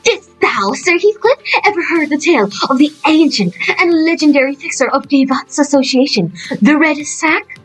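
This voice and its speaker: A woman's voice: sits high, animated, moderate pace, faint music behind, voice pushed up, poor audio. A woman voicing an earnest young female would-be knight who speaks in archaic, knightly phrases. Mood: storytelling.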